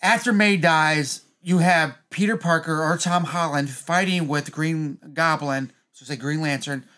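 A man co-hosting a casual movie chat, excitable and swearing often as he acts out scenes. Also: on the high side, measured pace. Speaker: podcast co-host.

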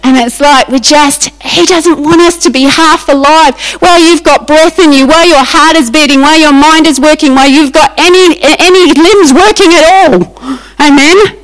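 A woman preaching a lively, emphatic sermon and acting out Bible scenes. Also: high voice, moderate pace, poor audio.

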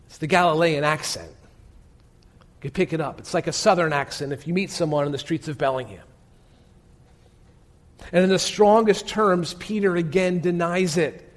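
A man preaching a sermon as pastor, telling the story dramatically and often dropping to a hushed voice, with direct questions to his listeners. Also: high-pitched.

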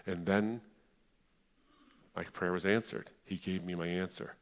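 A young adult man from the Middle East giving a passionate personal testimony in a sermon style, moving between hushed and fiery delivery. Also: deep voice, fairly even intonation, normal speed, vocal fry, pauses often.

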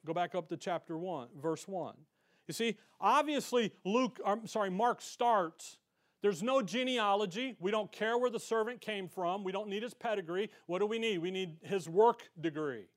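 A man with a notably high voice leads an evening Bible study. He talks in a casual, folksy way, drops slangy asides, and hits his main points with strong emphasis. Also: normal speed. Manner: emphatic when stressing key points. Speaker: Bible teacher.

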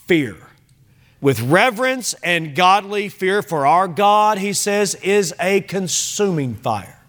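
A man's voice: high-pitched, sing-song, slow, fairly bright tone. A man preaching an earnest sermon as pastor, quoting scripture in old-fashioned wording. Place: church sanctuary.

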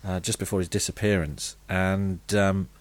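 A middle-aged British man on a comedy podcast, telling deadpan, rambling anecdotes full of fillers. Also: sits low, moderate pace. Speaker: podcast co-host telling comic stories.

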